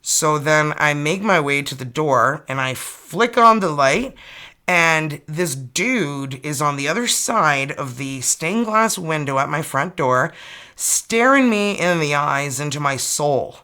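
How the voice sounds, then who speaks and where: A woman with a Canadian accent, a tarot reader telling her viewers a story in a chatty, animated way, full of "like" fillers, from her home studio. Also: sits low, takes it slowly.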